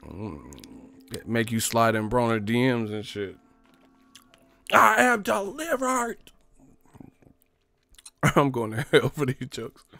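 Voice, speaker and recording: A man's voice: on the low side, a little slow, fairly bright tone, no room sound. A man hosting a boxing livestream, cursing, joking and laughing often in casual banter.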